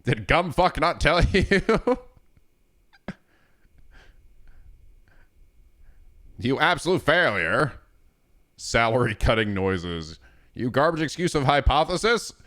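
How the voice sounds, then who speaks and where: A man's voice: on the low side, unhurried, few pauses, fairly bright tone, clean tone. Man putting on a furious, profane prosecutor for a game parody; raised, sneering, insult-heavy. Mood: mocking fury. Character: furious foul-mouthed male prosecutor, insulting.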